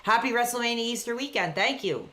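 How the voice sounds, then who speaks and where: A woman chatting casually on a live stream, reading out messages from viewers and reacting excitedly to a wrestling match from a dark room at home. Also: fairly high pitch, fast. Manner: chatty, reads out chat messages between excited play-by-play reactions.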